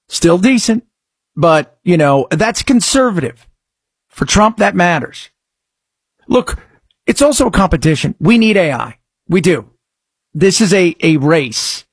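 A man's voice: fairly high pitch, dry recording. A man delivering emphatic opinion commentary, full of rhetorical questions and frequent restarts.

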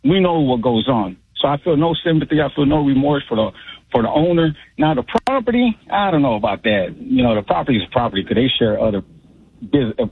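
A man's voice: mid-range voice, expressive, fairly quick, breathy edge, dry recording. Man on a tinny phone line. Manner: rambling, streetwise storytelling. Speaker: radio caller, former club DJ. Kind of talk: casual call-in chat.

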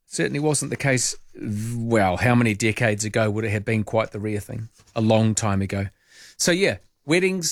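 A middle-aged man with a New Zealand accent hosting a casual radio chat, playful and mock-indignant, his voice jumping high on questions. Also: dry recording, clean studio sound. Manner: playful, indignant tongue-in-cheek asides with sudden high pitch jumps. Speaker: radio host.

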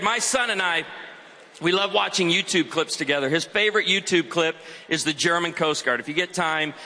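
A man in his forties giving a humorous, emphatic sermon to a live audience. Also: sits high. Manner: animated, emphatic, joking. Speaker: guest speaker. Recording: reverberant hall, faint ambience.

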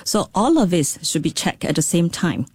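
A woman's voice: on the low side, very animated, normal speed, a little mellow, husky, no echo, studio quality. A woman, a financial services director, explaining legal and money matters in an interview with frequent ums and okays. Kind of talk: radio interview answers.

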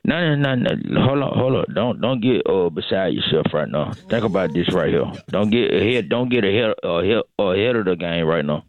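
A man's voice: low-pitched, animated, a little fast, few pauses. Rambling man on a tinny phone line. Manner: rambling, repetitive, coaxing. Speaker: regular caller on a radio show. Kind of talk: comedic excuse phone call.

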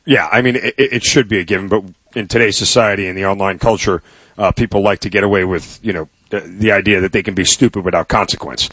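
A man's voice: fairly low pitch, fairly even intonation, fast, a bit bright, breathy edge, dry recording. A man co-hosting a sports radio show, telling stories casually and checking for agreement as he goes. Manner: storytelling, asks for agreement with "right?". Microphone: studio microphone.

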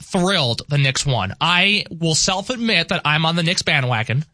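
Animated New York-accented man, bright voice. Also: fairly high pitch, normal speed, dry recording, clean studio sound. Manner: animated, enthusiastic. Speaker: new radio co-host. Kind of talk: sports radio chat.

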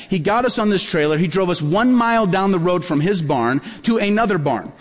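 A man's voice: fairly high pitch, fast talker. A man preaching a sermon as a pastor, telling stories and acting out the dialogue in them. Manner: animated, acts out dialogue in his stories. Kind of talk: sermon storytelling. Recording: long hall reverb.

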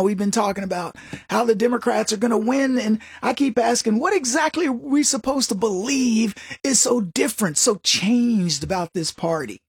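Guy ranting on his political show, husky voice, pitch bouncing all over, very dry sound. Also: no room sound. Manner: mocking, mimics opponents in exaggerated voices, laughs at own jokes. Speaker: political commentary host. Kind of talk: opinionated comedic monologue.

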